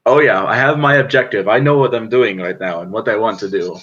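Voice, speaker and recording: A man's voice: on the low side, fairly quick, fairly bright tone, highs cut off. A man playing in a tabletop game, joking and amused by the fight. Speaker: player. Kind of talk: casual tabletop play.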